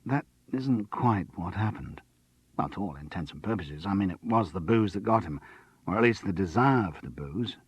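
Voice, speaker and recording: A man doing a wry, husky middle-aged actor. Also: deep voice, lively intonation, moderate pace, dry recording. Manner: dry, self-mocking.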